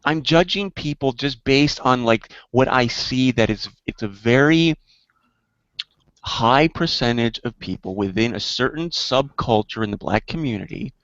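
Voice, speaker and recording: A man's voice: mid-range voice, lively intonation, measured pace, fairly bright tone, dry recording, muffled recording. A man in a heated online debate, insisting on his point and lecturing the others.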